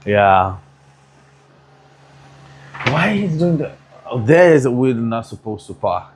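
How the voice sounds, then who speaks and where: A man's voice: medium pitch, very animated, takes it slowly, noisy background. A man with a foreign accent, working as a barber and chatting casually in loose, broken phrasing. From abroad, not born in the US. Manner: loose, broken phrasing, calls others bro. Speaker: barber, streamer. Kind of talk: casual chat.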